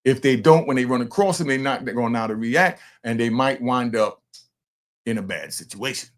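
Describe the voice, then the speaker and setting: An older man and grandfather hosting a casual commentary show, animated and talking straight to his viewers. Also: mid-range voice, brisk. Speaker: commentator host.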